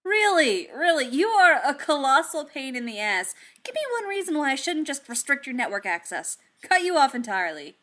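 A woman voicing an exasperated, grumbling male inventor, protesting loudly and rising high. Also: big pitch swings, moderate pace. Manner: loud, high-pitched protests. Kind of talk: audiobook character reading.

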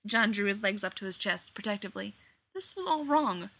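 A woman reading fiction aloud in an expressive, animated storytelling manner. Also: mid-range voice, a little fast. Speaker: reader.

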